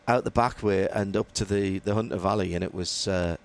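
Rambling, low-voiced male podcast host. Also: steady tone, a little fast. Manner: rambling, with fillers and restarts. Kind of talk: casual radio podcast chat.

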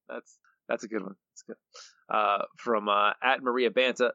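Bright-voiced man co-hosting a podcast. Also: mid-range voice, fairly even intonation, takes it slowly, long pauses, no echo, muffled recording. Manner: reads quotes with playful voices and laughs. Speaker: podcast co-host. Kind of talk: casual chat reading listener quotes.

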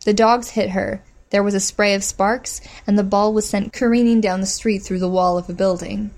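A woman narrates a story aloud at a steady, measured pace. Her voice sits at an ordinary middle pitch for a woman. She reads the action plainly and evenly. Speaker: audiobook narrator. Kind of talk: scripted narration.

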